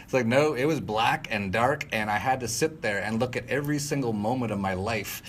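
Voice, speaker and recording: A man's voice: medium pitch, fairly quick. Middle-aged man, candid storytelling, rambling, fillers, restarts, faint background hiss. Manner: rambling, frequent fillers and self-corrections, laughs mid-sentence. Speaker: interview guest. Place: at home.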